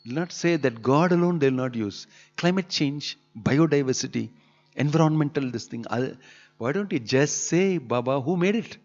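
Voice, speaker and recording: A man's voice: medium pitch, expressive, normal speed, a little mellow, highs cut off, faint music behind. A man giving a sermon on scripture, asking scolding rhetorical questions. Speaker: spiritual teacher.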